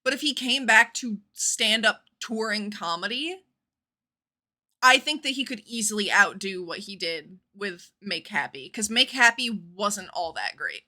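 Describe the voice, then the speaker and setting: A young woman in her twenties chats away while playing a game on stream. She rambles from one thought to the next and swears now and then. Her voice is very bright and bouncy, and her pitch swings widely. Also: lively intonation, a little slow. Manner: chatty, rambling, swears casually. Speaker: livestreamer.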